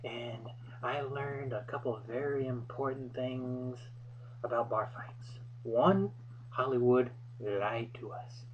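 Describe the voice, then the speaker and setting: A young man hosts his own vlog and tells a personal story with wry, self-deprecating humor. His voice sits at an ordinary middle pitch. The recording is a little dull and muffled, with faint noise behind him. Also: slow. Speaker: vlog host. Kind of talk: casual storytelling.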